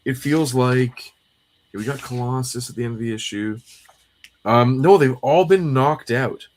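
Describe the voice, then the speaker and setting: A man's voice: medium pitch, normal speed. A man co-hosting a casual comic read-through livestream, recapping the plot in a rambling way with many fillers. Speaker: co-host.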